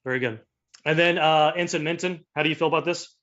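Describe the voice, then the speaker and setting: Guy running a tabletop game, rambly narration, kinda higher voice, lo-fi. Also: fairly even intonation, fast talker, fairly bright tone. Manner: loose, filler-heavy narration. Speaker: game master.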